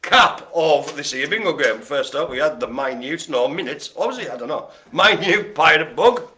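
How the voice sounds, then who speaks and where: A man's voice: fairly high pitch, expressive, moderate pace, bright, forceful tone. A man hosting a live online bingo game, rambling and joking as he stumbles over hard names. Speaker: bingo host.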